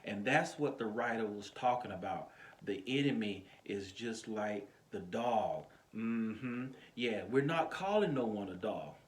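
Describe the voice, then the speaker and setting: A man preaching an informal online sermon as pastor, talking in a chatty, animated way and chuckling now and then, recorded on a phone. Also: lowish voice, measured pace. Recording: echoey room.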